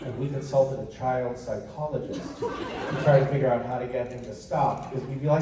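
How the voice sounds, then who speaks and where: A man telling a family story on a convention stage, jumping into high voices to act out the people he quotes. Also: fairly even intonation, moderate pace, recorded from a distance, very noisy. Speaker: convention panel guest. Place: large convention hall, recorded from the audience. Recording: echoey hall audience recording from afar.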